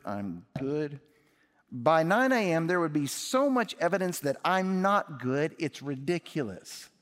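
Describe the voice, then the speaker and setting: Male pastor preaching in a reverberant hall. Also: fairly high pitch. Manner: emphatic, rising and dropping for effect. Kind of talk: sermon. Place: church sanctuary. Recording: long reverb of a large hall.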